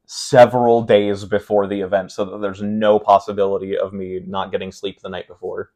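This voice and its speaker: Low-voiced man explaining game plays. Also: moderate pace. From Pacific Northwest of the United States. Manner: explains game plays step by step, animated when retelling frustration. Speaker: guest, tournament player. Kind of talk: casual interview talk.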